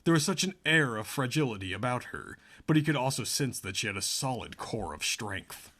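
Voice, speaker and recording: A man narrating a novel aloud in a steady, even way. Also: on the low side, moderate pace, slightly rough. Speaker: audiobook narrator. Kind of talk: scripted narration.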